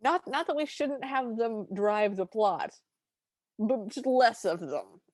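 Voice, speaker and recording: A woman's voice: fairly high pitch, no room sound. A woman co-hosting a podcast, wryly recapping a movie in casual chat and acting out lines as she goes. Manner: wry, animated retelling with quick voiced asides. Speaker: podcast co-host.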